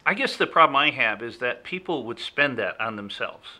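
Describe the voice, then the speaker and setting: A man's voice: mid-range voice, expressive, moderate pace, sharp tone. A man co-hosting a TV talk show, chatting casually in the studio and often laughing and restarting his sentences.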